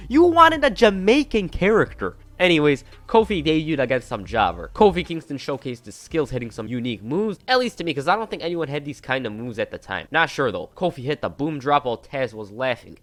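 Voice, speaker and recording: A man's voice: mid-range voice, a bit bright, no room sound. Casual man narrating a wrestling recap. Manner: casual commentary with offhand asides.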